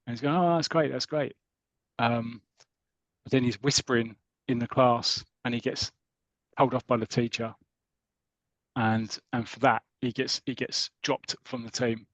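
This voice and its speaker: A British man on a podcast, chatting and retelling a comic story in a rambling, lively way. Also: medium pitch, measured pace, no echo. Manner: chatty, rambling, lively when reading out characters' lines. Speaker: podcast host. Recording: dull lo-fi audio.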